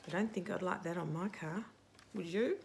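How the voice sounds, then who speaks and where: A woman's voice: lowish voice, normal speed, gravelly, background noise. A middle-aged woman hosting story time, reading a picture book aloud to children with dramatic whispers and playful sound effects.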